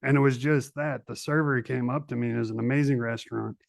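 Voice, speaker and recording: A man hosting a podcast, chatting casually and explaining his ideas in a measured, reflective way. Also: medium pitch, steady tone, creaky, no room sound. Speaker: podcast host. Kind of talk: casual conversation.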